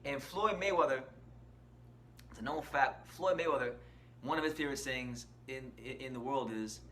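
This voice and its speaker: Sitting in an indoor room where shirts hang on the wall, a boxing channel host delivers casual, opinionated commentary, leaning hard on key words. He talks at normal speed in a mid-range, fairly bright voice, with slight background noise.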